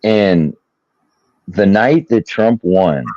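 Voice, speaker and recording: A man in his thirties co-hosting a podcast, telling a story in a profane, animated way. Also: on the low side, drawn-out words, no room sound, lo-fi sound. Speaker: podcast co-host. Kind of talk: casual chat, storytelling.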